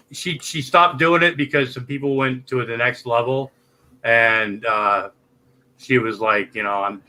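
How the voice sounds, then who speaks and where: A man's voice: mid-range voice, bright, forceful tone, rough recording. A man hosting a live online chat, rambling loosely and swearing freely. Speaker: livestream host. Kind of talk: casual live-stream chat.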